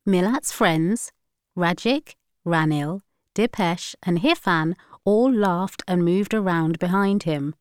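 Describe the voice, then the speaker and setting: Woman reading an audiobook, smooth and clear. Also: fairly low pitch, slow, dry recording, clean studio sound. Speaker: audiobook narrator. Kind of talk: scripted narration.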